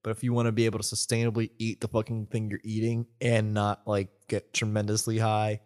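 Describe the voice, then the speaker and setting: A man's voice: lowish voice, completely flat delivery, brisk, a little mellow. A man co-hosting a podcast in casual, loose chat, swearing freely and laughing often. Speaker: podcast co-host.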